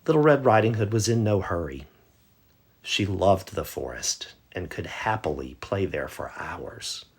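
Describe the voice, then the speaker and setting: A man reads a bedtime story aloud, gentle and measured. His voice sits very low and moves slowly, with a husky, breathy grain. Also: expressive.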